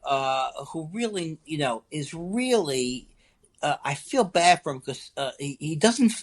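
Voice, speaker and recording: A middle-aged man, a comedian guest, chatting in an interview with animated, stammering, self-deprecating asides. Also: on the high side, a little slow. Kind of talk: casual interview chat.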